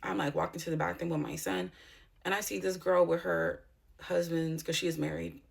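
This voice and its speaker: A woman recounts a story straight to camera in a casual vlog. Her voice sits a little low and has a gravelly, creaky edge. She talks bluntly, with plenty of swearing. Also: flat delivery, normal speed. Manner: blunt and profane, heated storytelling. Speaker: YouTuber.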